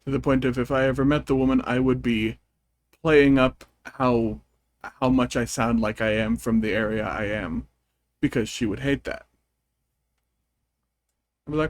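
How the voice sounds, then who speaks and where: A man's voice: medium pitch, fairly even intonation, moderate pace, long pauses. A man streaming a game, chatting in a rambling, amused way as he tells stories. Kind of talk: casual chat while gaming.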